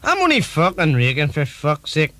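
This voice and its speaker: A man with a Northern Irish accent playing a cocky, quick-tempered politician in a comedy sketch. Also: on the high side, huge pitch swings, pushed and bright, no room sound, exaggerated voice. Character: cocky Belfast politician on a panel.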